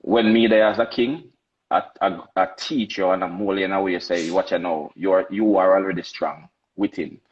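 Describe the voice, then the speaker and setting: A man's voice: low voice, fairly even intonation, moderate pace, slightly rough, dull audio. A man with a Jamaican accent in casual podcast debate, emphatic and repetitive, lecturing his co-hosts. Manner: emphatic, repeats himself, lectures. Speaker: podcast co-host.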